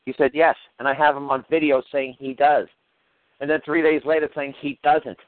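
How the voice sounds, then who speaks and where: A man's voice: a little high, level tone, moderate pace, slight background noise. A man telling a heated, profane story on a call and acting out the arguments he had. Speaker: guest recounting a legal dispute. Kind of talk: casual phone-in chat. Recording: tinny dry phone line.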